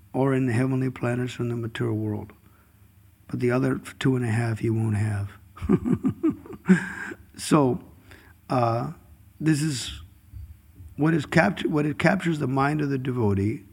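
Gravelly, husky man giving a scripture talk. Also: mid-range voice. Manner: chuckling, storytelling delivery; chants Sanskrit verses. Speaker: scripture speaker. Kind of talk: devotional scripture class.

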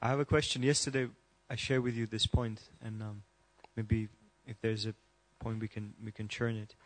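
Even-toned man asking a long question. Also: on the low side, moderate pace. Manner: listing points in a steady, even tone. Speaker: audience member asking a question. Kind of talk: question from the floor.

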